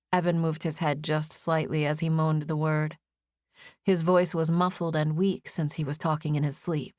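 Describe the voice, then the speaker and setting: A young woman reads a first-person audiobook with a gentle, intimate storytelling manner. Her voice sits a little low, and the recording is dry and close, with no room sound. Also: dry recording. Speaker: audiobook narrator. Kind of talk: scripted first-person narration.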